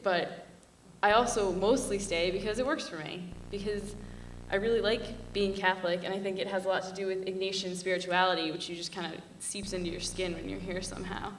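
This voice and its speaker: A young adult woman, a student panelist, gives an earnest, passionate panel talk, chatty and full of "like." Her voice is lowish, with a little hiss or hum, recorded from far off in an echoey hall.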